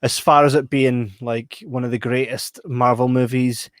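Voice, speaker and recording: A man's voice: medium pitch, fairly even intonation, moderate pace, dry recording, studio quality. A Scottish man co-hosting a podcast, giving laid-back, blunt and playful opinions on a film. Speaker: podcast co-host. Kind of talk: casual film review chat.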